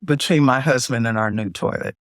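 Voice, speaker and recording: A woman's voice: very deep voice, a little fast, dry recording, studio quality. Emphatic, chatty woman co-host. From United States. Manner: chatty, emphatic, folksy asides. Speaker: podcast co-host and singer. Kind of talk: casual chat.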